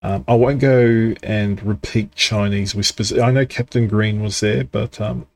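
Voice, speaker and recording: A man's voice: fairly low pitch, steady tone, unhurried, darkish tone. A man co-hosting a casual gaming podcast, giving frank, opinionated takes. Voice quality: gravelly, husky. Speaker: podcast co-host.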